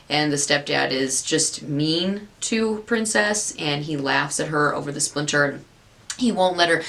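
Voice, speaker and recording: A woman's voice: low voice, gravelly, fairly bright tone. A woman giving a casual, rambling recap of a TV episode, often interrupting herself as she retells it. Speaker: TV episode reviewer.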